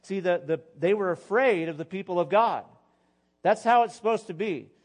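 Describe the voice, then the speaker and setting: A male pastor preaching an animated sermon, exhorting the listeners and slipping in jokes and asides. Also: sits high, normal speed.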